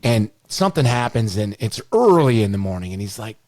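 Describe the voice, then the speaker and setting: Low-voiced middle-aged man telling stories. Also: very animated, fairly quick, background noise. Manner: rambling, lots of restarts and "you know". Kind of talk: storytelling in casual chat.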